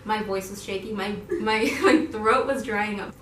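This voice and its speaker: A young woman co-hosting a casual video, telling her story to viewers in an animated, giggly way and quoting herself in excited voices. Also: mid-range voice, normal speed, slight background noise. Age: young adult. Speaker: YouTube channel co-host. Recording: roomy echo, voice from a distance.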